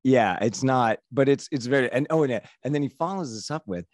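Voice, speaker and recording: A man's voice: mid-range voice, lively intonation, a little fast, dry recording, clean studio sound. A middle-aged man hosting a podcast in casual chat, a rambling storyteller who laughs often. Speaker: podcast host.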